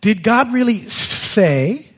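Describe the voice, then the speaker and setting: A man's voice: sits high, animated, slow, fairly bright tone, husky, voice pushed up, heavily acted. A pastor voicing a crafty, tempting male serpent while reading scripture aloud. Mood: sly.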